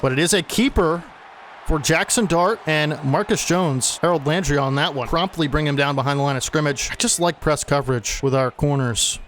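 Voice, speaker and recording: A young man commentates his own football video game play by play, talking casually and getting fed up when plays go wrong. His voice sits a bit high for a man. A faint hiss of noise runs under the recording. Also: normal speed, fairly bright tone. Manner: casual, gets agitated and exasperated at bad plays. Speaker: gaming channel host. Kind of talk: play-by-play commentary over gameplay.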